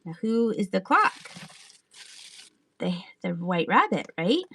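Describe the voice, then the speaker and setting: A woman's voice: medium pitch, very animated, slow, fairly bright tone, slight background noise. A woman in her thirties chatting casually while selling items on a live stream, laughing often and talking to viewers. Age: 30s. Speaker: live auction seller.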